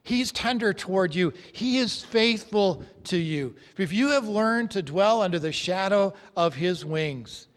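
Preacher, male, high-pitched, emphatic sermon delivery, long hall reverb. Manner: earnest, emphatic preaching with dramatic drops to a hush.

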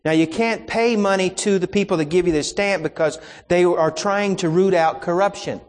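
Preacher guy telling a travel story in his sermon, kinda high voice, big echoey church hall. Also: moderate pace. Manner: folksy anecdotal telling with quoted exchanges.

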